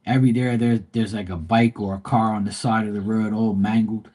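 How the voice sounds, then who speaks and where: A man's voice: on the low side, steady tone, brisk, darkish tone. Blunt ranting man. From Bermuda. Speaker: live stream host. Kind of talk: casual chat.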